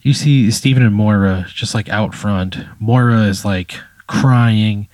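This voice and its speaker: A man's voice: fairly low pitch, slow pace, a little mellow, no echo. A man spinning an improvised story in a loose, casual way, swearing and saying "like" and "you know" a lot. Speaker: podcast storyteller.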